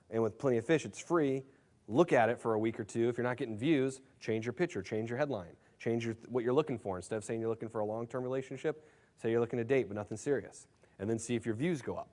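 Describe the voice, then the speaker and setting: A man's voice: mid-range voice, darkish tone. A man presenting a dating seminar in a brash, casual storytelling way, swearing freely and leaning on fillers. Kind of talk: casual seminar talk to a live room.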